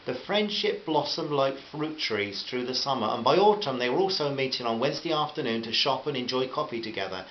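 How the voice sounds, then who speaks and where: A man reading a short story aloud in a gentle, friendly way, addressing listeners as friends. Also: medium pitch, expressive, brisk, hardly any pauses. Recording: muffled roomy recording with faint hiss.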